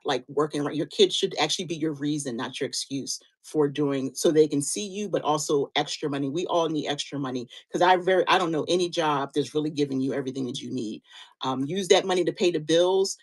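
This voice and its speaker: Chatty, encouraging woman, lowish voice. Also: low-quality recording. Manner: chatty, encouraging, restarts often. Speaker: live-stream seller and co-host. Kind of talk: motivational live-stream chat.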